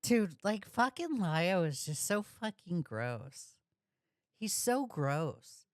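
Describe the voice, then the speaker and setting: A woman's voice: fairly low pitch, very animated, takes it slowly, no room sound, studio quality. A woman giving blunt, profane, heated reaction commentary on a video she is watching. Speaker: reaction streamer.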